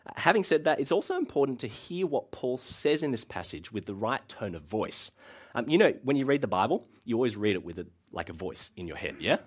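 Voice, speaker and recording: A man's voice: medium pitch, fairly quick, breathy edge. A man in his thirties preaching a sermon as a pastor, talking in a conversational way with frequent ums and uhs. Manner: lively, conversational delivery with frequent uh and um.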